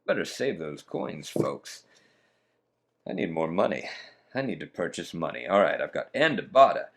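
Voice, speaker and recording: A man's voice: low-pitched, very animated, moderate pace, creaky. A man hosting a solo board game playthrough, talking viewers through each move in a chatty, theatrical way.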